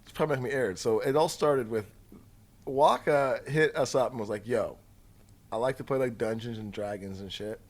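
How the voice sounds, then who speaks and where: A man's voice: medium pitch, fairly quick. A man hosting a podcast, telling a story in casual chat, swearing freely and quoting other people. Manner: animated, swears freely, tells stories with quoted voices. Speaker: podcast host.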